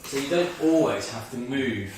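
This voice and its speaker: A man's voice: mid-range voice, expressive, moderate pace, heavy reverb, far from the mic, over music. A man leading a guided movement and mindfulness workout as a fitness instructor, slightly out of breath, talking through each move step by step. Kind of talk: guided exercise class.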